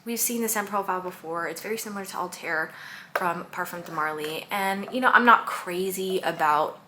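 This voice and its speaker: A woman's voice: on the low side, bright, forceful tone, a little hiss or hum. A woman chatting casually in a haul vlog, talking in a chatty, rambling way full of asides. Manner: chatty, lots of "like" and "you know", shifts between quick and drawn-out. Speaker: fragrance content creator.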